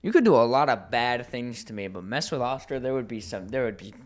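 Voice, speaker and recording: Casting: young male podcast co-host, animated, swears a lot, laughs often. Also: mid-range voice, fairly quick. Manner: laughing, profane, animated storytelling. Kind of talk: casual chat.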